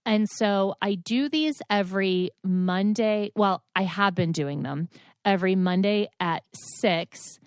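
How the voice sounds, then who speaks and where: A woman hosting a podcast alone, chatting casually in a rambling way, often correcting herself and filling pauses with "like" and "um". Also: medium pitch, clean tone, no echo, clean studio sound. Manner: rambling, chatty, self-correcting with many fillers. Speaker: podcast host. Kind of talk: casual solo chat.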